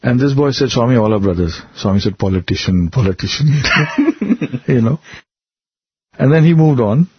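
A man's voice: medium pitch, animated, a little slow, long pauses, breathy edge, no room sound, muffled recording. A man recounting personal memories in an earnest, reflective interview, often laughing between stories. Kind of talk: conversational storytelling interview.

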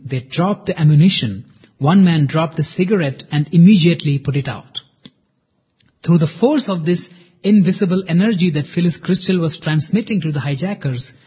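Earnest man narrating, husky and lo-fi. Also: fairly high pitch. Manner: earnest, dramatic storytelling, reads quotes in first person. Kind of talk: devotional story narration. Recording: muffled lo-fi recording.

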